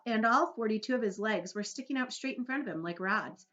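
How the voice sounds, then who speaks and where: A woman's voice: on the high side, fairly quick, highs cut off. A woman teacher reading a children's book aloud to her class, telling it expressively. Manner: expressive storytelling.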